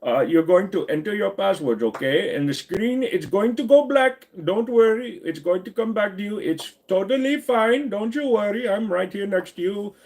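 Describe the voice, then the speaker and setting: A man's voice: high-pitched, lively intonation, moderate pace, few pauses, a little mellow, pitched above the performer's own voice. A man putting on an exaggerated Indian accent to play a male call-center scammer who is overly polite and reassuring. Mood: fake-soothing. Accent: put-on Indian.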